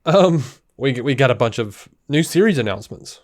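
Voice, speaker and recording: A man with a mid-pitched voice co-hosts a podcast in a casual, chatty way. He reads out news quotes and then talks them over with his partner. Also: lively intonation, normal speed. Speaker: podcast co-host.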